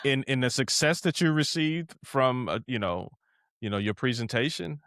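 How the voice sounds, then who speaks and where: Man, podcast host, mid pitch, laid-back, filler-heavy, dry room. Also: lively intonation, moderate pace, fairly bright tone, dry recording. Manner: casual, leans on "you know", asks probing questions. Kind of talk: conversational interview.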